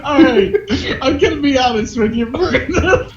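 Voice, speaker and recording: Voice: high voice, animated, normal speed. A player in a tabletop game, teasing and laughing, recorded in a muffled, roomy setup. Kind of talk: tabletop role-play chat.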